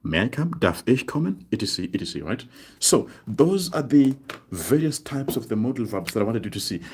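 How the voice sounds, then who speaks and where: A man teaching an online language lesson, explaining slowly and deliberately and drawing out each example word. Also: mid-range voice, sing-song, a little mellow, breathy edge. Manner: slow, deliberate explaining with drawn-out example words.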